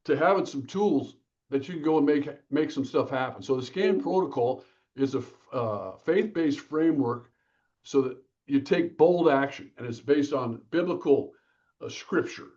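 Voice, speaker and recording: A man's voice: medium pitch, moderate pace, muffled recording. A man being interviewed as an author, telling stories energetically and acting out the quotes. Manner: energetic, lively, acts out quotes. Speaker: author and guest. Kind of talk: casual interview storytelling.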